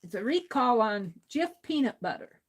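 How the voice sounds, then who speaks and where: A woman's voice: on the high side, big pitch swings, normal speed, slightly rough. A woman hosting an art livestream, chatting casually while she draws and reading viewer comments aloud with easy laughter.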